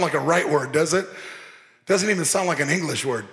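A man preaching a lively sermon as pastor, joking and mimicking people as he talks. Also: on the high side, a little fast, faint music behind. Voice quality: animated, playful, mimics people. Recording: long hall reverb.

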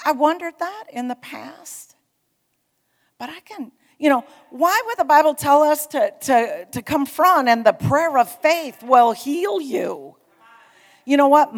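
Woman preaching in a reverberant church. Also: a little high. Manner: animated storytelling, rising to emphatic exhortation. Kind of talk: sermon. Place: church sanctuary.

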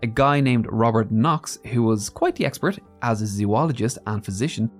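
A man in a middle-pitched voice co-hosts a casual podcast, reading out facts and drifting into loose asides. Faint music sits underneath. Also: lively intonation, normal speed. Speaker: podcast co-host. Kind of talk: casual storytelling chat.

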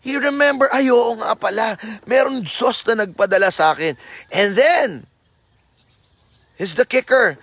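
A man's voice: extremely high pitch, expressive, normal speed, a bit bright, poor audio. A man with a Filipino accent preaching a sermon, mixing English and Tagalog and repeating key lines for emphasis. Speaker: pastor.

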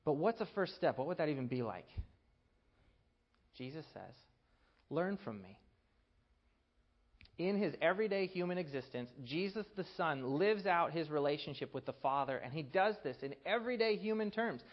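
A man preaching a sermon, earnest, building to emphatic peaks and dropping to a hushed voice to tell a story. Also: a little high, animated, fairly quick, dull audio.

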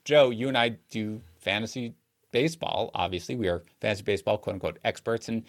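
A man's voice: fairly low pitch, steady tone, fairly quick. A man co-hosting a sports betting podcast, talking casually and analytically, laughing easily between points.

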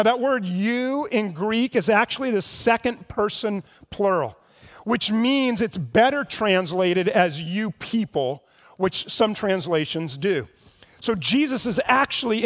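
A man preaching a sermon as pastor, earnest and building from hushed passages to impassioned pleas. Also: sits high.

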